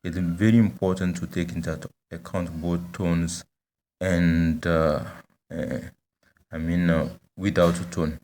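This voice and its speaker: A man giving a language lesson, speaking haltingly with many fillers and repeating example words. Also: low-pitched, level tone, darkish tone. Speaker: language teacher.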